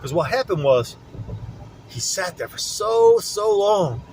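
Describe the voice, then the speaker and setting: A man's voice: high-pitched, expressive, slow, a little mellow, slight background noise, rough recording. A man, rambling and agitated as he talks to the camera from his car, repeating himself. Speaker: vlogger. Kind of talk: rambling monologue while driving. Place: in a car on city streets.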